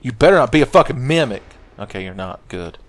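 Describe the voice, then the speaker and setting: A man's voice: medium pitch, expressive, fast talker. A man giving casual, joking let's play commentary with lots of swearing and rambling asides. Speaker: gaming channel host.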